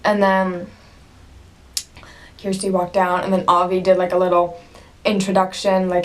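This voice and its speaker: A woman's voice: mid-range voice, little pitch movement, unhurried, long pauses, a little hiss or hum. A young woman vlogging to camera at home, gushing and breathless as she tells a story, with bursts of laughter and sudden drops to a whisper. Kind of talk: casual excited storytelling to camera.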